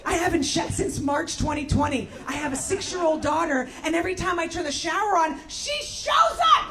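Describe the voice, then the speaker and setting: Shrill woman shouting a parenting rant. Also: expressive, a little fast. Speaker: stand-up comedian, parent. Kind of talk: stand-up routine. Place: comedy club stage. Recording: loud crowd and heavy noise.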